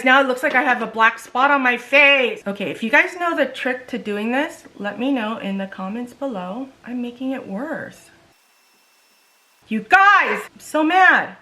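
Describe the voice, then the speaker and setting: A woman's voice: mid-range voice, a bit bright. A woman beauty vlogger in a casual makeup try-on vlog, chatty and exasperated, talking straight to her viewers.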